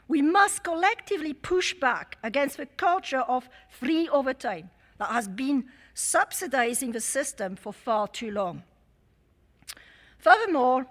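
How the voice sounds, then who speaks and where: A woman's voice: high-pitched, a bit bright. A woman with a French accent delivering an emphatic, rhetorical speech to a conference. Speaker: conference speaker and chair. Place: large conference hall. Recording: long hall reverb.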